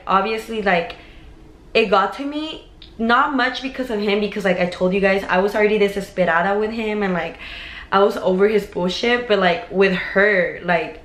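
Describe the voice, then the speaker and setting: Young woman beauty vlogger, gossipy casual storyteller, mid pitch, echoey bedroom sound. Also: a bit bright. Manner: chatty, gossipy, mixes in Spanish words. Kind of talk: casual storytelling while doing makeup.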